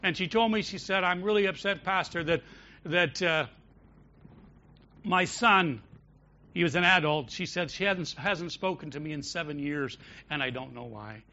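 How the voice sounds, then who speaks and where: A man preaching a sermon as pastor of a church, shifting between loud emphatic declarations and quiet storytelling. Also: fairly high pitch, lively intonation, a little slow, highs cut off.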